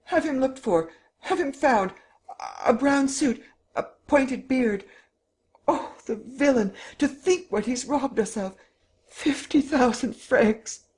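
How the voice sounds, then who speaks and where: A woman's voice: high voice, very animated, normal speed, voice pushed up. A man voicing a robbed wife in a storybook reading, shrieking in frantic hysteria. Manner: screaming, frantic yelling.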